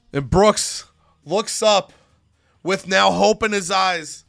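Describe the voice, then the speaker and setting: A man's voice: sits high, very animated, slow, creaky, long pauses, fairly bright tone, no echo, clean studio sound, soft background music. Man narrating a wrestling game story. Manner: dramatic, wrestling-commentary storytelling.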